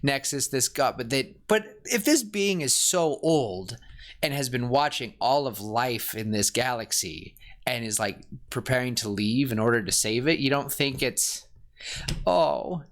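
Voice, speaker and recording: A man co-hosting a podcast in casual chat, talking in an excited, rambling, gushing way. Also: mid-range voice, measured pace. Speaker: podcast co-host.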